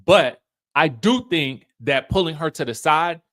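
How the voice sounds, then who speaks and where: A man whose pitch sits fairly high talks a little slowly through a casual, emphatic reality-show recap. He storytells with energy, acting out the cast's quotes in raised voices.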